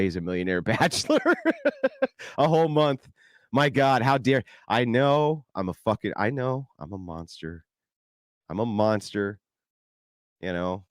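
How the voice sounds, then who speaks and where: A male streamer with a low, gravelly voice that swings widely in pitch as he mocks and swears. His sarcastic commentary sounds dry and close, with no room echo. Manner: mocking, profane and sarcastic. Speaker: streamer host.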